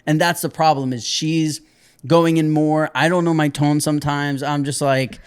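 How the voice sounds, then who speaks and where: A man's voice: fairly high pitch, steady tone, normal speed, clear, resonant tone. A man co-hosting a podcast, chatting casually and rambling through a story about his relationship. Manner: rambling, retells arguments with acted quotes. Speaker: podcast co-host. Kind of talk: casual chat.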